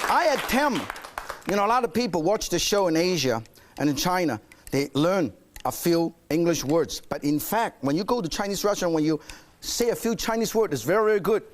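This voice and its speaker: A man hosting a cooking show, demonstrating a dish in a studio kitchen with playful energy, coaxing his audience along. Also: high-pitched.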